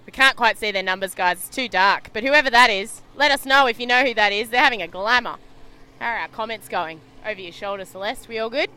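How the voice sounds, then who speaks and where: A woman's voice: fairly high pitch, brisk, sharp tone, clear, resonant tone. A young Australian woman doing chatty, laughing live sailing-race commentary from a boat at sea. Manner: bubbly, laughs often, chatty.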